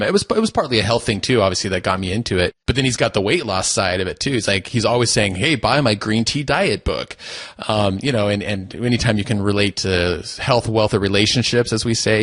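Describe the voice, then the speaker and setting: A man co-hosting a podcast in casual chat, chatty and quick to laugh. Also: fairly low pitch, a bit bright, no echo. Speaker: podcast co-host.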